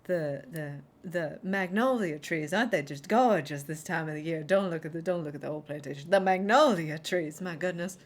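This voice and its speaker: A woman's voice: low voice, normal speed, hardly any pauses. A woman voicing a genteel, gushing southern belle with a put-on American Southern accent and a mocking, syrupy sweetness.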